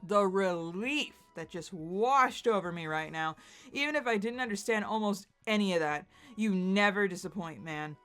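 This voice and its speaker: A woman's voice: medium pitch, expressive, moderate pace, a bit bright, clear, resonant tone, soft background music, close to an everyday voice. A woman voicing an anxious, melodramatic young man in a dramatic webcomic read-aloud. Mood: indignant. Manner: fretful and melodramatic.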